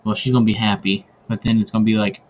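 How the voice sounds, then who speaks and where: A man's voice: on the low side, flat delivery, fast talker. A man hosting a hunting podcast who tells casual stories, rambling with many fillers and restarts. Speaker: podcast host. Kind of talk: casual storytelling. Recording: dull lo-fi recording with faint ambient noise.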